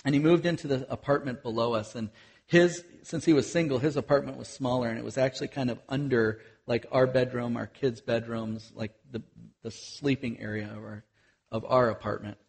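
A man delivers a sermon as a missionary, speaking earnestly in a loose, conversational way. His voice has a husky edge, and his pitch sits in an ordinary middle range. He often pauses on fillers and restarts his sentences. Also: fairly even intonation, a little mellow. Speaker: missionary preacher.

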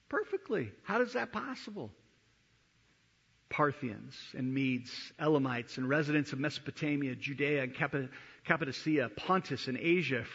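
A male pastor delivering an expository sermon. His voice is high and bright with a husky edge, and he moves between scripture and friendly asides. The sound carries a long hall reverb and a dull, lo-fi quality. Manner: expository preaching, rhetorical questions, conversational asides.

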